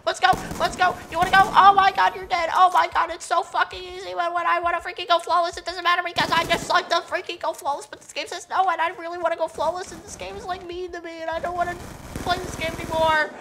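A gamer doing live gameplay commentary, ranting profanely at the match and bursting into excited yelling. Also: very high-pitched, quick pace, a little hiss or hum. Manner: profane, frustrated ranting at the game.

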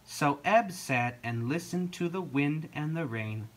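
A storyteller reading a children's picture book aloud. The delivery is slow and deliberate, with a lively, swooping intonation. Every line is shaped for young listeners. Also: medium pitch.

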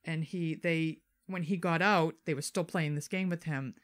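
A woman with a somewhat low voice tells a true-crime story to her co-host. She talks in an animated, loose way and swears freely. It is casual podcast chat. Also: normal speed.

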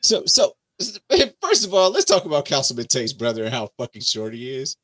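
A man hosting a casual TV review chat, animated, profane and mocking as he riffs on the episode. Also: mid-range voice, normal speed. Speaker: TV show review podcast host.

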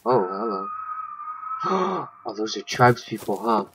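A man's voice: lowish voice, steady tone, normal speed, noisy background. A man giving let's play commentary, thinking aloud and swearing when startled. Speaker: gaming channel host.

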